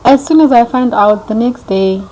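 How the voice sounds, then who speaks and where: A young woman vlogger telling a story casually, chatty and animated, acting out what people said. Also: on the high side, normal speed, low-quality recording. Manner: animated, chatty, acts out quoted dialogue.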